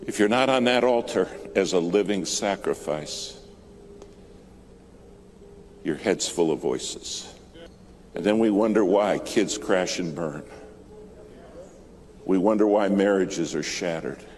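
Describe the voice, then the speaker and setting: Deep-voiced man preaching over music. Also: unhurried, a little hiss or hum. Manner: dramatic, builds to emphatic peaks then drops soft. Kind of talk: sermon storytelling.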